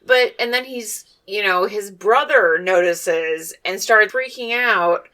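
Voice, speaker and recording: Woman, podcast co-host, casual movie recap, animated, swears, mimics characters. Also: mid-range voice, slow.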